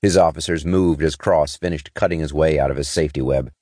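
A man reading scripted narration in a steady, measured way from a close studio mic. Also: a bass voice, no room sound. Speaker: audiobook narrator. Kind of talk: scripted science fiction narration.

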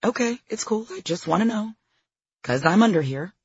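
A woman voicing a huge, intuitive male dog who speaks gently and easily. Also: medium pitch, expressive, normal speed, breathy edge, no echo, muffled recording, voice pushed up. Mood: easygoing.

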